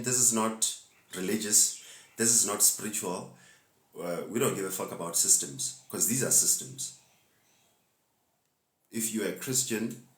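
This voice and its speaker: A man's voice: low voice, fairly bright tone, roomy sound. A man gives a laid-back, preachy spiritual talk to live-stream viewers and laughs often.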